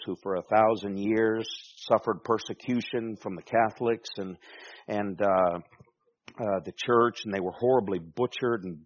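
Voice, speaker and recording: A man's voice: on the low side, no echo, dull audio. A man preaching a sermon as pastor, emphatic, with rhetorical questions and calls for amen.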